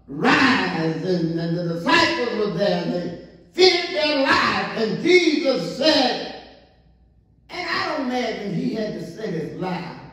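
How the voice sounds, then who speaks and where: A man preaching a sermon as pastor, drawing out his words and rising into excited calls to the congregation. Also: high voice. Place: church sanctuary. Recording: echoey church from far off.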